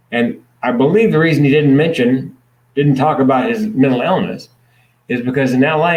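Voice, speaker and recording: A man's voice: medium pitch, roomy sound, rough recording. A man speaking as a podcast guest, explaining things earnestly with dry jokes. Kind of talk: podcast conversation.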